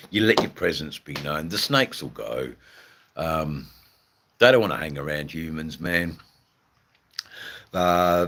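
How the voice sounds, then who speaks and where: Laid-back deep-voiced Australian man. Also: fairly bright tone. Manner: laid-back, rambling, drawn-out fillers, swears casually. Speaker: livestream host chatting with viewers. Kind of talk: casual live chat.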